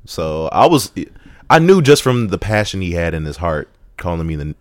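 A man, an ambulance medic, telling a profane, animated story on a casual podcast. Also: sits low, normal speed, no echo. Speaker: podcast co-host.

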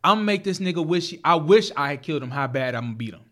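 A young man telling a story in casual chat, animated and profane, laughing often as he talks. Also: a little high, fast. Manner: animated, laughs often, profane street slang, repeats and restarts.

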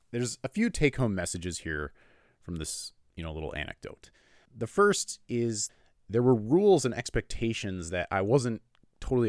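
A man, a medical illustrator, telling a personal story in a relaxed, conversational way with lots of "you know" fillers. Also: deep voice, no room sound, clean studio sound.

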